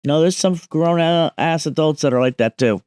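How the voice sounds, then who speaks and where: A woman's voice: low-pitched, normal speed, darkish tone, no echo, clean studio sound. A woman speaking as a medium guest on a podcast, explaining emphatically and often checking that listeners follow.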